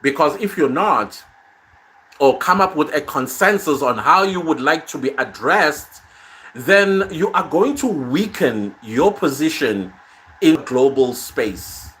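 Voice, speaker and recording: A man's voice: fairly high pitch, expressive, takes it slowly, fairly bright tone. A man hosting a casual live stream from his phone, reading viewer comments aloud and answering them in a conversational way.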